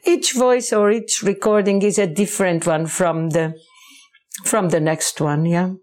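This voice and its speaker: A woman, a book author answering interview questions in English, halting and searching for words. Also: fairly low pitch, steady tone, darkish tone.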